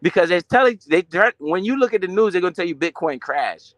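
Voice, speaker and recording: A young adult man with a high-pitched voice talks in a casual, slangy live stream, swearing freely. He asks questions and answers them himself in an animated way. The sound is dry and close, with no room echo. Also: a little fast. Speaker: finance streamer.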